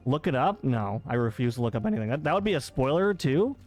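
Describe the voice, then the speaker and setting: A man's voice: mid-range voice, very animated, a little mellow, soft background music. A man streaming live, chatting casually with his chat, reading out messages and protesting their teasing in disbelief. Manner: teasing, incredulous, quick to protest.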